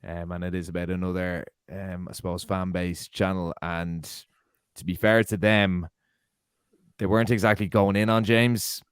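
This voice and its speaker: Irish lad breaking down football arguments, lowish smooth voice. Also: male voice, little pitch movement, normal speed, no room sound. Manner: analytical, lays out arguments point by point. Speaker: podcast co-host. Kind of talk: casual football chat.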